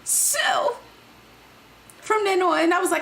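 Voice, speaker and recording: A woman in her late twenties co-hosting a casual podcast chat, telling stories in a relaxed, chuckling way. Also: on the low side, moderate pace. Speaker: podcast co-host.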